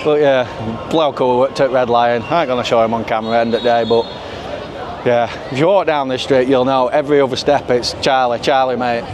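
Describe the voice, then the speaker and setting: A rambling, chatty man with a broad Yorkshire accent talks to a handheld camera as he strolls a busy nightlife street. His voice sits at an ordinary middle pitch. Traffic and street noise run clearly behind him. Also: fairly even intonation, fairly quick. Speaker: travel vlogger. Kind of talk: casual walking vlog.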